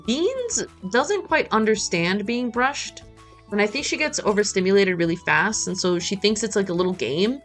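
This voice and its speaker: A woman's voice: medium pitch, lively intonation, moderate pace, soft background music. A woman streamer chatting playfully while she plays, talking to the game as she goes. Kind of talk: casual gameplay chat.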